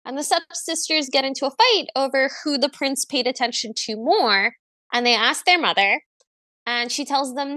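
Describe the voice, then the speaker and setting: This woman's high-pitched, sharp voice comes through at a moderate pace with no room sound. She's co-hosting a podcast and casually recapping a movie, chatty and wry, dropping into voices along the way.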